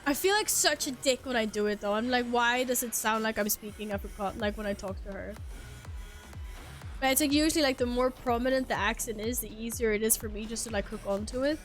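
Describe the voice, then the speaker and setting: Gaming live, a young woman streamer chats a little fast with her audience in a slightly high voice. She's breezy and self-mocking, laughing readily and dropping the odd swear, with soft game music humming quietly underneath.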